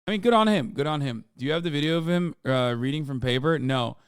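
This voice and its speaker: Sarcastic sweary streamer, smooth voice. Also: male voice, fairly high pitch, lively intonation, fast, no echo, clean studio sound. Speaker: streamer host. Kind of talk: casual stream commentary.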